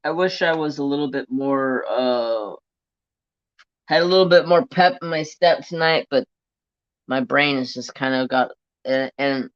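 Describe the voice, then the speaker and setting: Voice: medium pitch, dry recording. A crafting live-streamer chatting casually and rambling to viewers and a pet at home. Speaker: crafting livestream host. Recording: dull lo-fi home stream audio.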